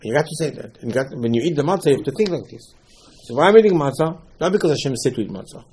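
A rabbi teaching a class on the Passover Seder tells animated stories, acts out dialogue and repeats his points. He races along at a medium pitch, with slight background noise on a low-quality recording.

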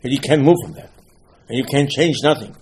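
A man's voice: mid-range voice, a little fast, a little mellow, slight background noise. A man giving a Torah lesson, asking rhetorical questions and mixing Hebrew terms into his English. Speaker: rabbi teaching a Torah class.

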